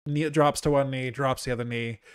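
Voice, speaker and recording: A man narrating as game master of a tabletop role-playing game, relaxed, with many fillers and frequent laughs. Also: mid-range voice, a little fast, smooth, no room sound, studio quality.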